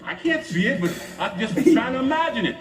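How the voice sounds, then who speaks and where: Man, excited storyteller, high lively voice, far from mic, echoey. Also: a little fast, music in the background. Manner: animated, excited, acts out a radio call. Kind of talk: casual anecdote.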